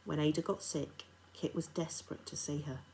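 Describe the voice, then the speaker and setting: A woman reading aloud, voicing a stern aristocratic lady who is also a grieving mother, commanding at first and then strained and halting. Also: sits low, steady tone, vocal fry, warm tone, a little hiss or hum, rough recording. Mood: grave.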